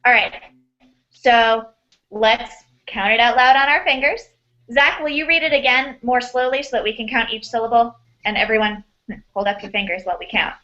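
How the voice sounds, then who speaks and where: A woman teacher leads an online class with a higher, bright and forceful voice. She sounds upbeat and quick to praise. The video-call audio is dull and lo-fi.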